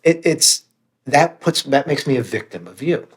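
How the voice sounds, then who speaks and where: Earnest and reflective, this man is a guest on a podcast, an author and meditation teacher who now and then swears to make a point. He talks candidly at a moderate pace in an expressive, mid-range voice.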